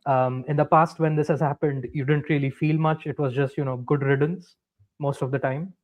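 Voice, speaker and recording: A man joining a football show call, speaking in a measured, reflective way with hesitant fillers. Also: fairly high pitch, steady tone. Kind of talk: casual discussion. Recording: dull lo-fi call audio.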